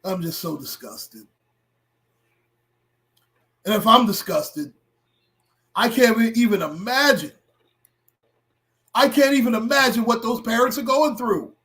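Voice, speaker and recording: A middle-aged man hosting a livestream and talking to his chat, impassioned and blunt, with profanity that builds into shouting. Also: very high-pitched, measured pace, long pauses. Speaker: livestream host.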